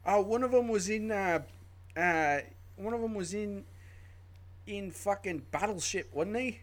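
A man's voice: sits high, measured pace. A man joking as a guest in a casual chat, often breaking into laughter.

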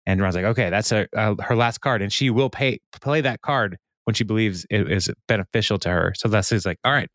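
Guy with a lowish voice recapping an episode, keeps laughing and quoting lines, dry close sound. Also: fairly bright tone, dry recording. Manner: laughs often, quotes characters in quick bits. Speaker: podcast host recapping an episode. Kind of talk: casual recap chat.

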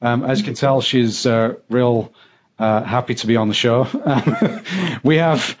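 Chatty host with a softened Yorkshire accent. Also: male voice, mid-range voice, a little slow, dull audio, slight background noise. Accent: Yorkshire English, softened. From Yorkshire, England. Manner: chatty, laughs often, fillers. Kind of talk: casual talk show chat.

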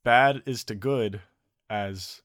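A young man chatting casually and jokingly on a podcast, sometimes breaking into loud impressions. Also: fairly low pitch, slow, no echo, studio quality. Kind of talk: casual chat.

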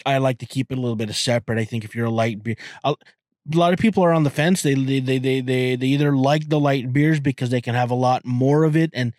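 A man's voice: mid-range voice, fast talker, a little mellow, no room sound, studio quality. A man hosting a podcast, chatting casually in a rambling, profane way with many stammered restarts. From Canada. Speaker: podcast host. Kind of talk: casual chat.

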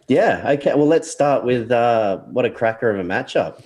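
A man's voice: medium pitch, expressive, a little slow, hardly any pauses, darkish tone. A man co-hosting a casual podcast chat with laid-back teasing banter, sounding sniffly and congested. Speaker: podcast co-host.

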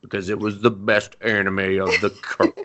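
A man's voice: on the low side, little pitch movement, noisy background. A man co-hosting an anime podcast in casual chat, swearing freely and acting out characters' lines. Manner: swears freely, acts out lines in quick put-on voices. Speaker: podcast co-host.

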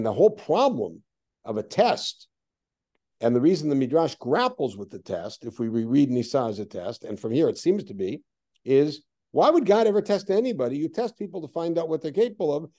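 A man leading a text study class, reading Hebrew verses aloud and then explaining them with lively, questioning remarks. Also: a little high, fairly quick. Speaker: teacher.

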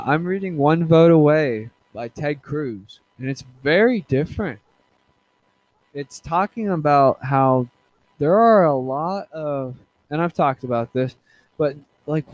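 A man hosting a casual solo podcast, rambling with many fillers, restarts and halting pauses. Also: mid-range voice, darkish tone, no room sound. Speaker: podcast host.

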